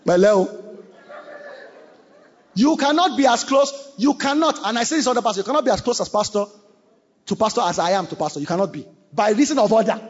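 A man preaching a sermon, animated, mimicking church members and breaking into shouts. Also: very high-pitched, fast talker, husky. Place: church hall. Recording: dull recording with long hall reverb.

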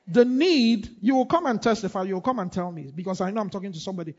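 A man's voice: high-pitched, animated, fast, hardly any pauses, husky, highs cut off. A man preaching a sermon in church, repeating phrases and calling on the congregation to respond. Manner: repetitive, call-and-response, rising to shouts. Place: church hall.

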